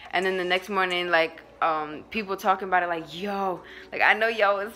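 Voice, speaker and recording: Young woman, vlogger, casual storytime, bright forceful voice, slangy, animated, laughs a lot. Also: fairly low pitch, brisk, slight background noise.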